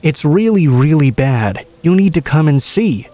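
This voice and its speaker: A man voicing a frantic, exhausted woman who pleads in panicked shouts for help. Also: fairly high pitch, expressive, measured pace, pitched above the performer's own voice.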